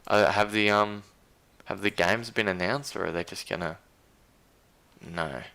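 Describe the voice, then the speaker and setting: A man's voice: lowish voice, unhurried, creaky, sharp tone. A man with an Australian accent hosting a casual live stream, rambling and incredulous as he reads chat aloud. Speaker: stream host.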